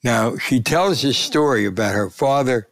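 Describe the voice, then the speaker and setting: Gravelly older man telling stories. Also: medium pitch, normal speed, no echo. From United States. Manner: animated anecdote telling, voice rising for punchlines. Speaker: veteran sports columnist, guest. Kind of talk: storytelling interview.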